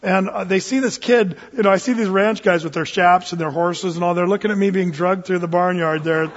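Folksy high-voiced male preacher, husky tone. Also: fairly quick. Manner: folksy storyteller, many fillers and restarts. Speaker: pastor. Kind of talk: sermon with personal story. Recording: dull recording in a reverberant hall.

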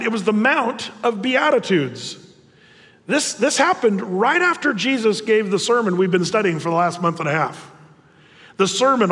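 A man preaching a sermon as pastor, conversational and animated, often restarting his phrases. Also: high voice, in a large hall.

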